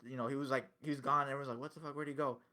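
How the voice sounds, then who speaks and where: A young man hosting a casual podcast, talking in an animated way with swearing and quick laughs. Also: medium pitch. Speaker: podcast host.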